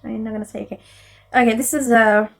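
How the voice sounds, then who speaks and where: A young woman vlogger speaks fast in a slightly high, gravelly voice with fairly even intonation, and the recording quality is low. Giggly and chatty, she talks straight to camera, reads messages aloud, and keeps apologising, sounding casual and unscripted.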